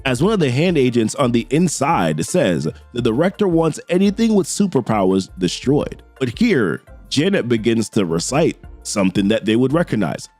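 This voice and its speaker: A man's voice: medium pitch, moderate pace, few pauses, dry recording, faint music behind. A man casually retelling a comic book story, reading characters' quotes with his own asides. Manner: animated retelling, reads quotes with little asides. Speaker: comic book recap narrator.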